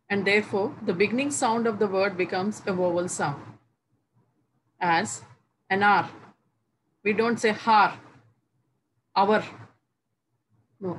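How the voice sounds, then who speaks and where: Slow, deliberate woman teaching grammar. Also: mid-range voice, rough recording. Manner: repeats example words carefully, pausing between phrases. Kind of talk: slow, deliberate classroom explanation. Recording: faint background noise.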